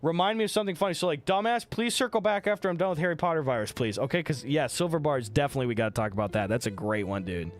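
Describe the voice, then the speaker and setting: A man's voice: fairly high pitch, rapid-fire, hardly any pauses. A man streaming, telling stories to his chat in a loose, profane, laughing way. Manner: animated, profane, laughing storyteller. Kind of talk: casual storytelling to chat. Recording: music playing behind the voice.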